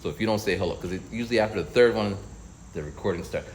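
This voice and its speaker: A man's voice: lowish voice, racing, slight background noise, low-quality recording. A man vlogging while walking outdoors, telling a casual story and acting out other people's voices. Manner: storytelling, acts out quoted voices.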